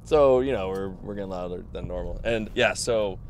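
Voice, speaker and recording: A man's voice: sits low, moderate pace, slight background noise. A man from Massachusetts, a podcast guest telling casual stories and laughing often. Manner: laughs often, quotes people in animated asides. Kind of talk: casual storytelling.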